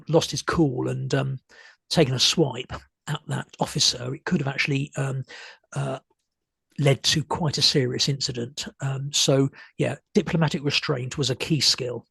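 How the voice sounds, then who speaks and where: A man with a husky, slightly higher-pitched voice walks an audience through pictures in a hesitant, stop-start way, full of ums and restarts. He is losing his voice a little, and the sound is dry and close. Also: fairly bright tone, no room sound. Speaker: speaker giving a talk. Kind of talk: illustrated history talk.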